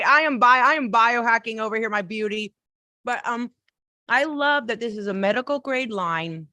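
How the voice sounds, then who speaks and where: Upbeat woman coach hosting a live show, higher voice, effusive delivery, dry close sound. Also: bright, forceful tone, no echo. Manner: enthusiastic and effusive, fast bursts. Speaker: podcast host and coach. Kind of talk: casual live-stream chat.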